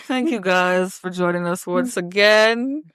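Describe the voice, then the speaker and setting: A woman's voice: fairly low pitch, measured pace, fairly bright tone, clean tone, no echo, clean studio sound. A young woman hosting a casual podcast, chatty and teasing, bossing her co-host around between fillers.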